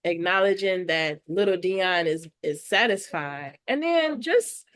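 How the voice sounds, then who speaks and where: A woman guest on a podcast, an artist and educator, talking in a heartfelt, animated way and laughing often. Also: fairly low pitch, unhurried. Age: adult with children. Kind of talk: casual conversational interview.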